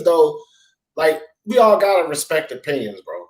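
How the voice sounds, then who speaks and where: Male host, passionate and profane, very lively pitch, roomy echoey sound. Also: moderate pace. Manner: fired-up, profane, emphatic, repeats "bro" and "dog". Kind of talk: heated sports talk debate. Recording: roomy echo.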